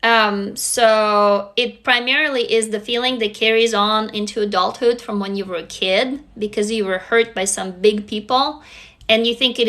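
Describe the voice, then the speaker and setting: A woman's voice: on the high side, fairly bright tone. A woman whose first language is Russian, hosting a casual live stream from a phone, greeting viewers and swearing freely. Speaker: livestream host.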